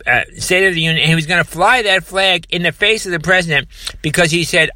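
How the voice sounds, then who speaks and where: A man's voice: sits high, fast, sharp tone, dry recording. A man, delivering an emphatic political commentary monologue with frequent repetition and mocking asides. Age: 70s.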